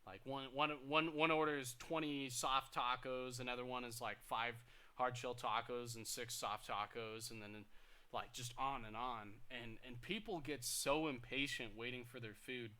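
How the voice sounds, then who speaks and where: A young man co-hosting a podcast, telling work stories in casual chat, getting loud and animated when he quotes people. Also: mid-range voice, moderate pace. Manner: animated, rises loud when quoting people, stammers restarts. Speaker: podcast co-host.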